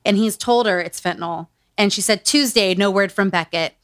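A woman's voice: medium pitch, moderate pace, clear, resonant tone, dry recording, clean studio sound. A woman hosting a casual book-review podcast, reading passages aloud and breaking in with sarcastic asides. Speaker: podcast host.

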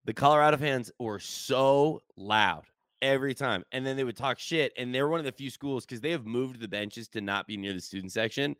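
A man co-hosting a casual podcast, telling rambling, animated anecdotes with profanity. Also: mid-range voice, moderate pace, clear, resonant tone, no room sound, clean studio sound. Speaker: podcast co-host, former team manager.

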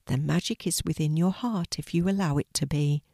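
A woman voicing a tiny, gentle fairy in a storybook, speaking in a soft, hushed, kindly way. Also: deep voice, normal speed, no room sound, studio quality.

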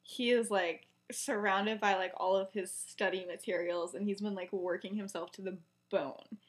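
A woman's voice: medium pitch, fairly even intonation, moderate pace. A young woman co-hosting a podcast, casually retelling a story with lots of fillers and acted-out quotes. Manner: chatty, many fillers, acts out quotes. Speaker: podcast co-host.

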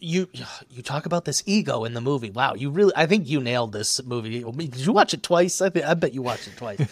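A man's voice: mid-range voice, lively intonation, a little fast. A young man co-hosting a podcast, talking in a casual, rambling way full of fillers and laughs. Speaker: podcast co-host. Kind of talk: casual chat.

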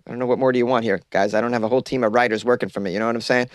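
Rambling, stoned comedian in a closet. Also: male voice, mid-range voice, fairly even intonation, racing, dry recording, clean studio sound. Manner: rambling, self-mocking, loose. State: caffeinated and stoned. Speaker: podcast host, comedian.

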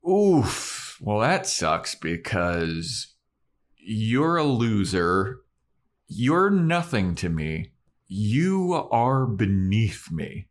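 A man's voice: on the low side, very animated, very slow, pitched above the performer's own voice, exaggerated voice. A man voicing a haughty young woman who coldly rejects a suitor. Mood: scornful.

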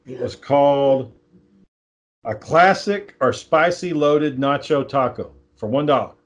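A man's voice: medium pitch, measured pace, lo-fi sound. A man in casual chat, telling long stories with many fillers and restarts.

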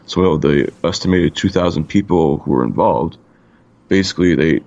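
A laid-back man from Canada co-hosts a casual podcast with a very deep, gravelly voice. He swears freely and leans on "like" between phrases. The sound is a little dull and lo-fi. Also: moderate pace, darkish tone. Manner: laid-back, swears a lot, lots of "like" fillers. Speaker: podcast co-host.

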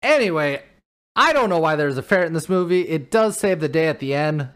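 A man's voice: on the high side, expressive, fairly quick, a bit bright. A man co-hosting a podcast, joking and rambling, often losing track of names. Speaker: podcast co-host. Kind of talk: casual chat.

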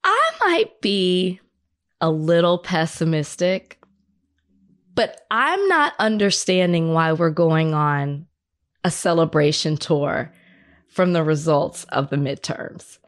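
A woman's voice: lowish voice, big pitch swings, slow pace. A congested woman, under the weather, co-hosting a casual political chat and thinking aloud with frequent restarts. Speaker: podcast co-host.

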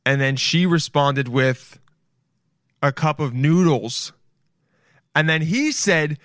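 A man's voice: a little high, animated, takes it slowly, long pauses, fairly bright tone, dry recording, clean studio sound. A man hosting a podcast, riffing in casual comedic commentary, rambling, swearing and calling the listeners "dude". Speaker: podcast host.

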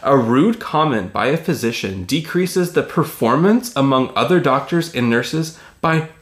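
A man's voice: mid-range voice, animated, a little slow, reverberant. A man co-hosting a podcast in casual chat, reading out study findings and swearing casually. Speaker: podcast co-host.

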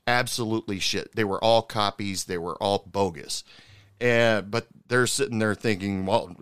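A man's voice: on the low side, steady tone, normal speed, fairly bright tone, clean tone, no room sound. Dry, close man ranting casually. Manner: frank and profane, with many fillers and restarts. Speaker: viewer recapping a TV cooking show.

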